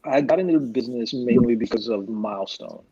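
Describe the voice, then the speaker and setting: A man's voice: mid-range voice, a little fast, slightly rough. A man in his forties, a guest comics creator chatting on a livestream panel, telling stories and acting out the lines he quotes. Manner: animated storyteller who acts out quoted lines. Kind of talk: casual panel chat over a livestream. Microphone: video call. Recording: lo-fi livestream audio.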